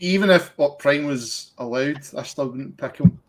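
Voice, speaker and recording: A man's voice: fairly high pitch, normal speed, a crowd in the background. A man with a Scottish accent, a podcast guest in casual chat, who talks hesitantly with many ums and restarts.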